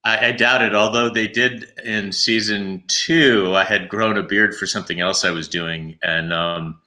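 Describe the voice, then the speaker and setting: A man's voice: on the low side, steady tone, a little slow, sharp tone. A middle-aged man giving a video call interview with dry, wry humor. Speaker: guest actor.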